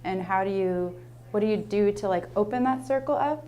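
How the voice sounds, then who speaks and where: A woman's voice: medium pitch, moderate pace, mellow, slight background noise. A young adult woman, a teacher, telling a personal story in a casual, rambling way, full of "like" and earnest asides. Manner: rambling, heavy use of "like", earnest.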